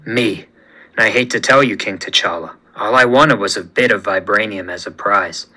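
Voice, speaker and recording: A scheming, gloating president turned monster, played by a man in a low, menacing voice. He sneers at his enemies with a bright, hard edge to the sound. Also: moderate pace, faint music behind, rough recording. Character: gloating villainous male president.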